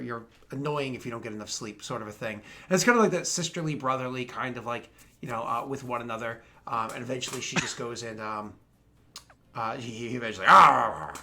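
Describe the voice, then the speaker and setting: A man in his thirties running a tabletop game, chatting and narrating in a rambling, animated way with many fillers. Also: mid-range voice. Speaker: game master. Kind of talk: casual game narration and chat.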